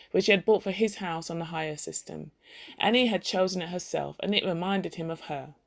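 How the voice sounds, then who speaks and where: A woman reading a classic short story aloud at a measured pace, stopping now and then to spell out and define a word. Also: fairly low pitch, creaky. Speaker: story reader.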